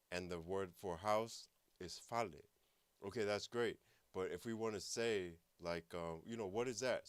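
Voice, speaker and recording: A man's voice: deep voice, smooth, no room sound. A man teaching a language class, patiently explaining and repeating words for practice. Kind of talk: online language lesson.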